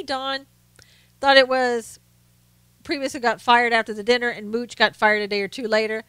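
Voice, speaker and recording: A woman's voice: a little high, a bit bright, clean tone, no echo. A woman from the South, hosting a casual live stream, chatting to viewers and often laughing. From American South. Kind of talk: casual political chat reading viewer comments.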